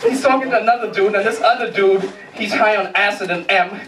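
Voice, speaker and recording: A man's voice: sits high, brisk. A man doing a stand-up comedy set, profane and rambling, often restarting his sentences. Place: comedy club with live audience. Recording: echoey club, distant mic, loud crowd laughter.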